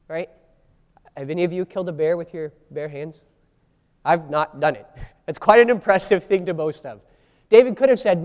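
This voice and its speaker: A man delivers a sermon in a fairly high voice, and his words ring with the long reverb of a large hall. He moves between plain teaching and dramatic readings of quoted lines. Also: lively intonation, a little fast. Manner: acts out biblical quotes with shifting voices and emphasis. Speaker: pastor.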